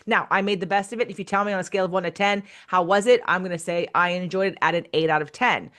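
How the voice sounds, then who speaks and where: A woman's voice: medium pitch, quick pace, few pauses, fairly bright tone. Frank, blunt woman podcast host. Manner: frank and blunt, with casual swearing; acts out quoted voices. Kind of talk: casual podcast conversation.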